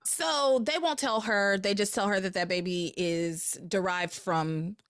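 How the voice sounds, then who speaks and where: A woman hosting a podcast, chatting casually as she recaps a soap opera episode and jumps up in pitch when something excites her. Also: a little slow, dry recording, studio quality. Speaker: podcast host.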